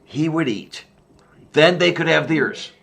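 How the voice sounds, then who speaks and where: A man's voice: fairly high pitch, creaky, a bit bright. Hesitant man, casual chat. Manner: hesitant, many "uh" and "um" pauses. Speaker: podcast co-host.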